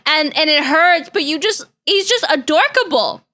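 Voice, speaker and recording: A woman's voice: high-pitched, expressive, normal speed, sharp tone. A woman streamer, chatting casually and giggling as she reacts to videos. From Canada.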